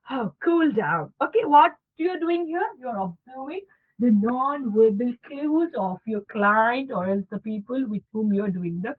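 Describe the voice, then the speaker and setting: A woman's voice: high voice, husky. A woman teaching a communication skills class on a video call, acting out sample dialogues and checking in with her students. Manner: animated, acts out sample dialogues, checks in with "okay" and "guys". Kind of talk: online class lecture. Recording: tinny phone-like online class audio.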